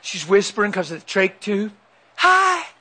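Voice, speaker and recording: A man voicing his frail wife just out of a coma, speaking in a weak, high, breathy whisper. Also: a little fast, close to an everyday voice. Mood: faint.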